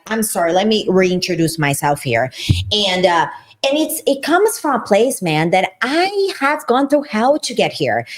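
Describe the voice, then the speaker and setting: A woman from Brazil with a Brazilian Portuguese accent, co-hosting a casual Christian podcast and telling her story in an animated, emphatic way. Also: fairly high pitch. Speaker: podcast co-host.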